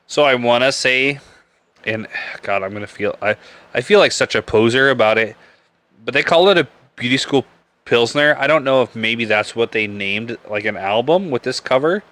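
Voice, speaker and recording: A man from Nebraska runs a live-stream podcast about beer, full of rambling talk, crude humor, and frequent laughter. He speaks at a normal pace in a mid-range voice with a slightly bright tone.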